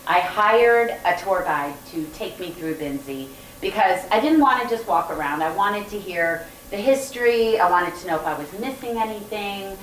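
A woman author with a Southern American accent, telling lively stories to a live audience and often laughing. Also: mid-range voice, normal speed, slight background noise. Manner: animated, laughing storyteller. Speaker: guest author. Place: event room with audience. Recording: roomy, distant mic with faint ambience.

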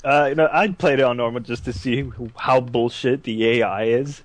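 A man's voice: medium pitch, normal speed. A young man in a casual gaming chat, throwing in wisecracks and swearing.

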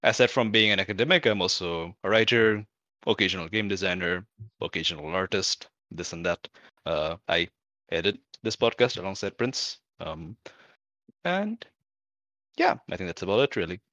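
Deep-voiced man introducing himself. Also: lively intonation, moderate pace, bright, forceful tone, no echo, muffled recording. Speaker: podcast editor and player. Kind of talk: casual podcast introduction.

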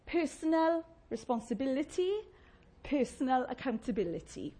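A woman preaching a sermon, chatty and warm-humoured, often asking the congregation questions and laughing. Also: high-pitched, very animated, unhurried.

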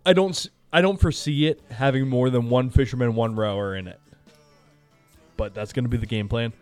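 A man's voice: mid-range voice, fairly quick, darkish tone, clear, resonant tone, dry recording, soft background music. A man hosting a podcast, telling stories in casual chat, laid-back and freely swearing. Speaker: podcast host.

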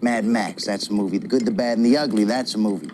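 A man's voice: lowish voice, quick pace, background noise, lightly acted. An actor playing a brash young movie-buff man, blunt, swaggering and profane, in a film clip. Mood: boastful. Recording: film clip with loud score.

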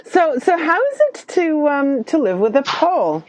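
Woman asking interview questions, higher voice, bouncy. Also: very animated, moderate pace, a little mellow, poor audio. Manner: curious, asks short questions.

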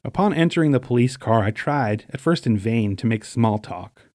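A middle-aged man from Staten Island, New York, narrating his memoir in a dry, wry, deadpan way. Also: medium pitch, moderate pace, dry recording.

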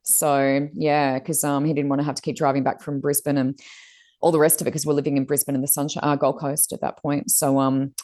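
Low-voiced Australian woman, lively storyteller. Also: brisk. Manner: animated storytelling, voices others with big pitch jumps. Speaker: co-host. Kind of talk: casual chat.

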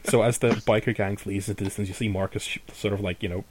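A man's voice: lowish voice, steady tone, fast talker. A man narrating as game master, rambling with lots of fillers and laughter.

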